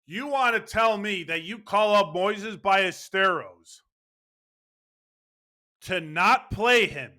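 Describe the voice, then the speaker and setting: High, bright-voiced ranting man. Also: expressive, takes it slowly, pauses often. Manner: angry, sarcastic, swearing ranting. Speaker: baseball fan commentator. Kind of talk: ranting sports commentary.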